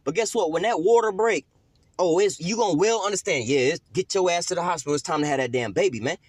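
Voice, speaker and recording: A man preaching a casual street-style sermon, slangy and profane, with frequent drawn-out "uh" fillers between phrases. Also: sits high, slightly rough, no room sound. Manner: slangy, profane, repeats "you know what I'm saying"; fills pauses with drawn-out "uh".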